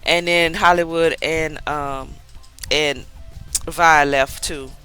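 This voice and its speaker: A woman's voice: deep voice, steady tone, slow pace, a bit bright, smooth, faint music behind, poor audio. A woman casually recapping a TV episode, chatty, with lots of fillers and asides. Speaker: TV recap vlogger.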